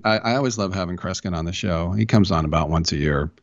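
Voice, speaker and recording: A man's voice: low-pitched, fast, gravelly, no room sound, dull audio. A man hosting a sports radio show, talking in a loose, chatty way with jokey asides. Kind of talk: casual talk radio interview.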